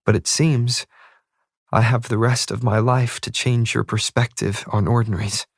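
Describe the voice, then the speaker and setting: A man voicing a resolute young woman who makes earnest, measured declarations in an audiobook. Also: mid-range voice, flat delivery, creaky, breathy edge, dry recording, studio quality, voice pushed up.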